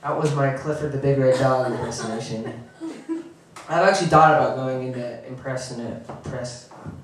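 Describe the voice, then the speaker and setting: A young man doing a halting, awkward stand-up comedy set, often restarting and chuckling. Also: medium pitch, a little hiss or hum. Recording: echoey room from far off.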